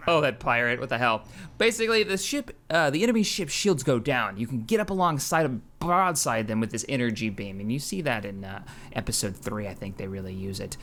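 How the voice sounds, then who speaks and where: A man hosting casual gameplay commentary, excitable and rambling, often correcting himself mid-sentence. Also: medium pitch, brisk. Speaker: gaming channel host.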